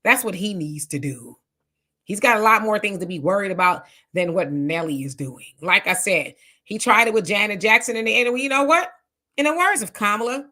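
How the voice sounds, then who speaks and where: A woman hosting a casual live commentary, reading viewer comments aloud and reacting in an outspoken, animated way. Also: medium pitch, normal speed.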